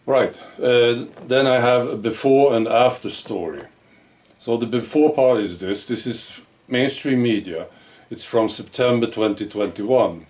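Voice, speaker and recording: A man giving casual video commentary, musing and drifting along with pauses and fillers. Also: mid-range voice, darkish tone, far from the mic.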